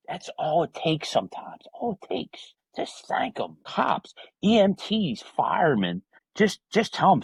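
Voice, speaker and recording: A heartfelt man speaks as a podcast guest. His voice sits at an ordinary middle pitch and is recorded dry and close, with no room sound. He talks earnestly, restarts often and keeps saying "man". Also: expressive, normal speed, vocal fry, husky, dry recording, poor audio. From New Jersey. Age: 50s. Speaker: podcast guest, retired correctional officer. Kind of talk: candid personal interview talk.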